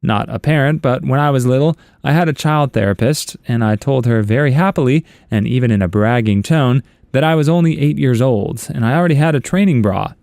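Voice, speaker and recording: A man's voice: medium pitch, fairly quick, gravelly, few pauses, darkish tone, no echo. Wry man reading stories, dry sound. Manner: chuckling, wry asides between stories. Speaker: story narrator. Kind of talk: reading internet stories aloud.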